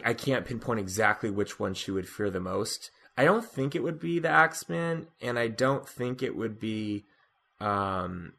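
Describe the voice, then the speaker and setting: Gravelly, bright-voiced man chatting. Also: lowish voice. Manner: hesitant, restarts sentences with repeated "I". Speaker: podcast co-host. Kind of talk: casual chat recapping a TV episode.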